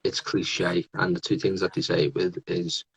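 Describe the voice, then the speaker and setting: A man's voice: sits low, completely flat delivery, unhurried, gravelly, poor audio. A man in his thirties hosting a casual podcast interview, chatty and laughing often. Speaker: podcast host.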